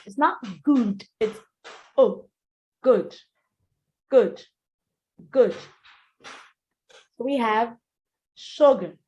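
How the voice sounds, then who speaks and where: Woman diction teacher, fairly high voice, slow and deliberate drilling of words. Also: expressive, mellow, lo-fi sound. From Nigeria. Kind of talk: online pronunciation class.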